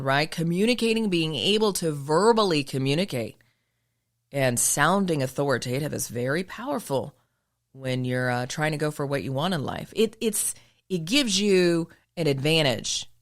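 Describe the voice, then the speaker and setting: A woman with a low, polished broadcaster voice delivers a motivational monologue. Her enunciation is crisp. Her pitch swings widely as she puts questions to the listener and answers them with emphasis. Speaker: podcast host and former news broadcaster.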